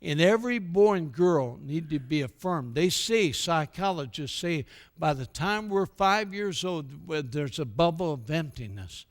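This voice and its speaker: An older American man, speaking in a fairly high voice, tells stories to a church gathering. He acts out each quoted exchange, and his talk drifts into a warm, sermon-like message. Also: a little slow. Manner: animated storyteller who acts out quoted dialogue. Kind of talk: storytelling speech with a sermon tone.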